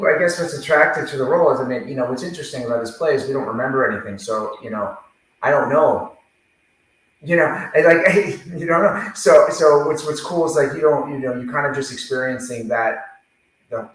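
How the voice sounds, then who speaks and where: A man's voice: medium pitch, a bit bright. A male actor talking casually about his role, rambling and full of "you know". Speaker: actor in the play. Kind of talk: cast interview answer. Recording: very echoey room.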